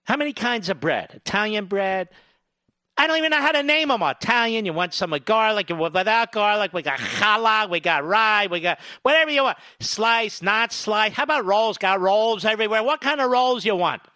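A man's voice: sits high, animated, moderate pace, sharp tone, no room sound, clean studio sound. A man giving a sarcastic grocery-aisle rant, rattling off long lists of items. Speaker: commentator. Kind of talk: ranting grocery-store monologue.

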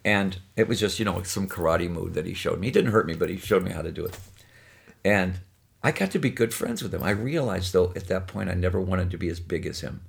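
An older man from Detroit telling lively, punchline-driven stories as a guest in a conversation. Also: low voice, fairly quick, vocal fry. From Detroit, USA. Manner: animated, punchline-driven storytelling. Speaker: guest storyteller. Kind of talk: anecdotal storytelling in conversation.

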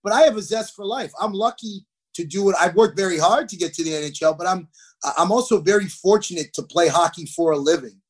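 Man, thirties, podcast guest, animated storyteller, slightly high voice. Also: fairly quick. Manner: animated, acts out quotes. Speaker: guest hockey player.

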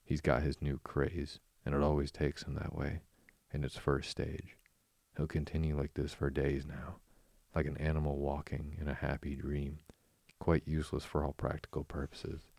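A man's voice: extremely low pitch, monotone, moderate pace, vocal fry, dry recording, full character voice. A man voicing a stern, practical male water rat who speaks firmly and sharply in a storybook reading. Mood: firm exasperation. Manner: firm, sharp, exasperated.

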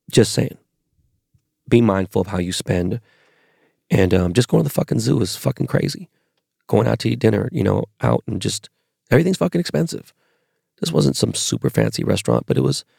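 A man's voice: fairly low pitch, gravelly, darkish tone, dry recording, clean studio sound. A man from Los Angeles, perhaps in his forties, telling rambling, profane anecdotes as a podcast host. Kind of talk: casual storytelling monologue.

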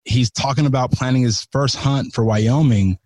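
A man's voice: medium pitch, moderate pace, darkish tone, dry recording. Loose, slangy man swearing freely. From California. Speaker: podcast guest. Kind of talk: casual chat.

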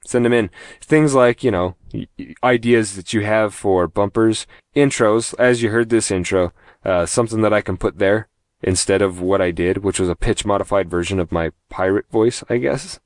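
A man's voice: fairly low pitch, normal speed, no echo, clean studio sound. A man hosting a casual gaming podcast, rambling through announcements with self-mocking jokes and frequent laughter. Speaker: podcast host.

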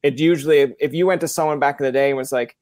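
A man's voice: a little high, steady tone, very fast, a little mellow, dry recording, studio quality. A man with a Newfoundland accent hosting a casual interview, telling rambling stories and acting out the voices of people he quotes. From Newfoundland, Canada. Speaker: podcast host.

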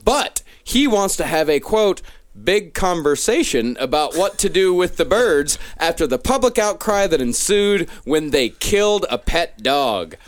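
High, lively-voiced man hosting a comedy panel. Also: a little slow. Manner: reads news items aloud, then riffs. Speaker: host. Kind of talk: casual comedy panel chat.

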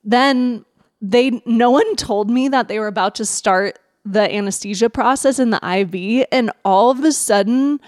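A woman with a fairly high voice tells her story to a podcast host in an animated way and laughs often. The sound is dry and close to the mic. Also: a little slow, no echo. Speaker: podcast guest. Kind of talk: casual podcast chat.

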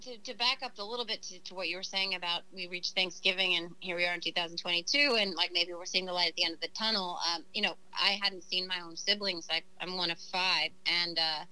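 A woman from New Jersey, a guest on a podcast, chatting casually and making wry, deadpan jokes. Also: lowish voice, fast, hardly any pauses, clean tone, poor audio. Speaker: guest comedian. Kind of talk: casual interview chat.

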